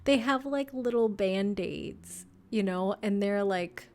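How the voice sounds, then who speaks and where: Tearful young woman giving a gentle reading. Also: mid-range voice, takes it slowly, slight background noise. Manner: soft, rambling, full of "like" and fillers. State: emotional, close to tears. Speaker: tarot reader. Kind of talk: casual astrology reading.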